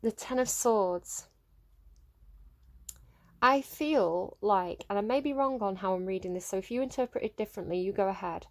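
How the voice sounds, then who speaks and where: A woman giving an emotive tarot reading, speaking gently and pausing to search for words. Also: medium pitch. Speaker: tarot reader.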